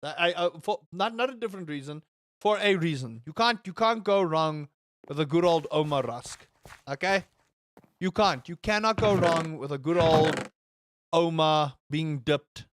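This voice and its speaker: A gaming streamer chatting casually with viewers while playing, rambling and swearing, with sudden high outbursts. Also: moderate pace, no room sound, clean studio sound. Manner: animated, rambling, swears, jumps to high shouts.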